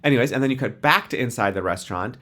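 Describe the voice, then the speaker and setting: A young adult man talks through a TV episode for a podcast, in a casual chat. He keeps slipping into the characters' lines as he retells the plot, with plenty of animated asides. His pitch sits in the middle for a man. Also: racing. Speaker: podcast co-host.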